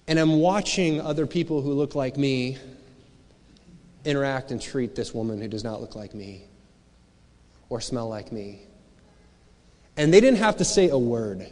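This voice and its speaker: A man's voice: mid-range voice, darkish tone. A man preaching a sermon as pastor, talking in a conversational, searching way full of rhetorical questions. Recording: long hall reverb.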